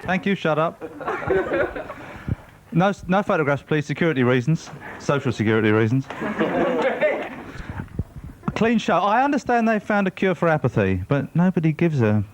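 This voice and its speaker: A man's voice: on the high side, very animated, a little fast. A man doing stand-up one-liners on a club stage, with a hesitant delivery full of fillers. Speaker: stand-up comedian. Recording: dull, noisy TV broadcast recording.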